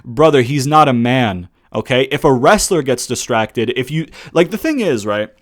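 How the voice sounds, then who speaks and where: A young wrestling reviewer delivers a heated, profanity-laced review in a casual rant, his voice at an ordinary middle pitch. Animated and at a moderate pace, he throws out rhetorical questions and calls the listener "brother."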